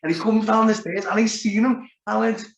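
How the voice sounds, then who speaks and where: A man's voice: sits high, fairly even intonation, fairly quick, gravelly. A man with a Liverpool accent, telling a story in casual chat, rambling and swearing heavily. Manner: rambling, heavy swearing, lots of "like". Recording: roomy, dull lo-fi sound.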